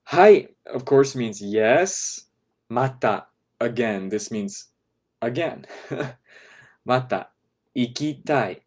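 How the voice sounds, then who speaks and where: A man teaching a class, patiently breaking phrases down step by step and checking in with "right?", sometimes dropping to a soft, quiet voice. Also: medium pitch, lively intonation, slow, long pauses. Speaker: language teacher. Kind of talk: explaining a lesson to a class.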